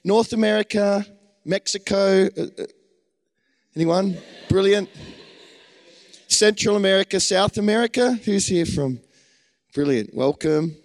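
An Australian man with a high voice preaches a sermon, enthusiastically calling out to the gathered congregation. He speaks a little slowly with long pauses, and the sound has a big-room quality.

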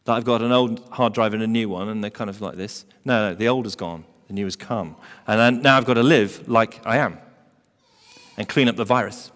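A man preaching a sermon as pastor, emphatic, building to loud stressed phrases. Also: fairly low pitch, brisk. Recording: long hall reverb.

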